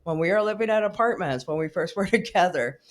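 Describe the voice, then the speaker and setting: A woman's voice: on the low side, animated, a little fast. Woman, young adult, host, casual chat, laughs a lot. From El Paso, Texas. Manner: giggly, laughs often.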